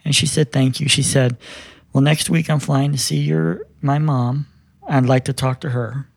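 A man in his fifties tells a personal story in a relaxed interview, speaking earnestly and voicing each side of the conversation. His voice sits in a middle pitch. The sound is dry and close, with no room echo. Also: moderate pace, creaky, husky. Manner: earnest, quotes dialogue as he tells it. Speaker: guest telling his story.

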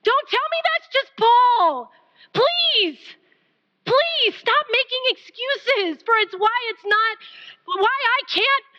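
Woman preacher, very high and bright, pleading sermon, dull lo-fi recording. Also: lively intonation, takes it slowly. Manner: passionate, pleading, varies from loud to near whisper.

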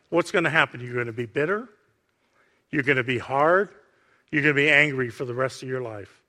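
A man preaching a sermon with passion, swinging from hushed, quiet lines to near-shouting. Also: on the high side, normal speed. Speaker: pastor.

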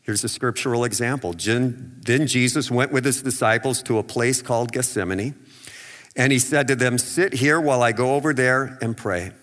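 Man preaching in a bright, echoing hall. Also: mid-range voice, moderate pace. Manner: conversational preaching with rhetorical questions and acted-out quotes. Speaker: pastor. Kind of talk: sermon.

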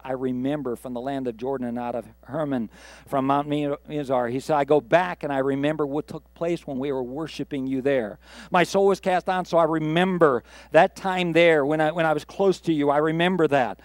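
A man's voice: on the high side, no echo. A man preaching a sermon from the pulpit, reading scripture and building earnestly to emphatic peaks. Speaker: pastor.

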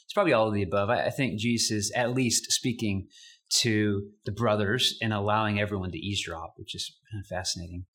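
Young male pastor, husky low voice, chatty animated sermon delivery. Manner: conversational, animated preaching with asides.

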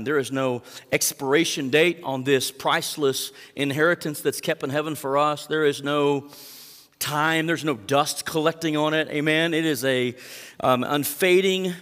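A pastor giving a sermon, reading verses and explaining them with emphatic rises and asides to the congregation. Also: male voice, a little high, a bit bright, big-room sound.

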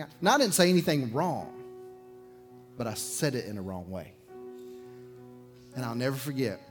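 A man from preaching a sermon as pastor, telling a personal story with loud bursts and hushed low passages. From Alabama.

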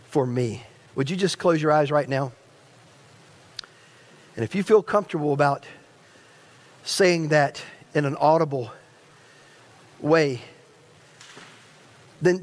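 A male pastor preaching a sermon. He speaks straight to the congregation and often repeats or restarts his phrases. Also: a little high. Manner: stirring preacher who addresses the congregation directly.

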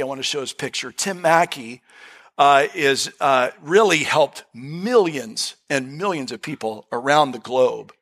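Folksy middle-aged male pastor, slightly high voice. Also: fairly bright tone. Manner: conversational, folksy storytelling with fillers. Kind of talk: sermon. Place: church service room.

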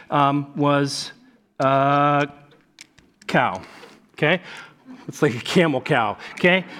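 A man preaching a sermon as a pastor at a church service, conversational and joking, peppering his points with "okay?" and "right?" and acting out voices when he quotes people. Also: on the high side.

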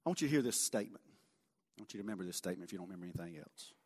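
A man telling a folksy mission story in a sermon, animated, then dropping quiet for emphasis. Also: low voice, racing. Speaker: lay speaker sharing a mission story. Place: church sanctuary. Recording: long church reverb.

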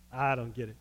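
A man preaching a sermon, retelling a story in an animated, folksy way. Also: medium pitch, big-room sound.

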